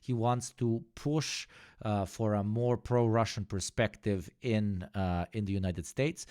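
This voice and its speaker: Low-voiced male streamer, dry close mic, sarcastic and swearing. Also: darkish tone, no echo. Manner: sarcastic, profane, emphatic. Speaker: streamer host. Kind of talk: live stream commentary.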